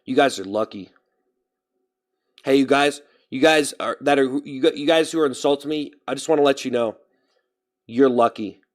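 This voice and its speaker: A man's voice: medium pitch, normal speed, long pauses. A man talking casually to his live-stream chat, rambling and often stopping to restart and correct himself. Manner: talks straight to chat, reading out names.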